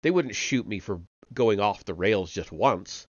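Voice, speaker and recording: A man's voice: fairly low pitch, animated, unhurried, dry recording, muffled recording. A man reading aloud and voicing a frightened, servile, middle-aged male prisoner who pleads eagerly and talks sanctimoniously. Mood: pleading.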